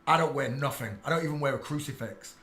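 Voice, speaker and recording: An English man ranting on a live stream, preachy and irate, swearing and bursting into shouts at his chat. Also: medium pitch, fast, echoey room.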